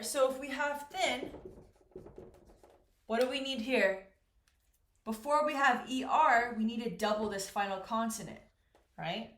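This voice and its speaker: A woman teaching English at a board, speaking slowly and deliberately, often checking in with "right?" and "okay?". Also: fairly high pitch, a bit bright. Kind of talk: classroom grammar lesson at a board. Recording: echoey room.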